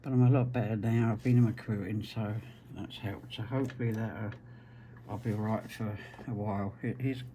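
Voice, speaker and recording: A man's voice: on the low side, steady tone, normal speed, dark tone, a little hiss or hum. A man from South Essex with an Essex accent, chatting casually and rambling a little while he demonstrates quilting. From South Essex, England. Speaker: quilting tutor.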